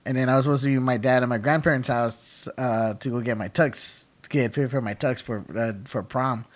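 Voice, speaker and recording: A man's voice: medium pitch, fairly even intonation, brisk. A young man in casual podcast chat, telling rambling stories and swearing freely. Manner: rambling storyteller, swears, repeats himself. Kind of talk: casual chat over beers.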